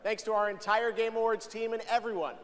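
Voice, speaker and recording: A man's voice: high-pitched, flat delivery, brisk, fairly bright tone, big-room sound. A man hosting an awards show, closing the broadcast with polished, upbeat thanks and announcements. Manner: upbeat, polished presenter delivery.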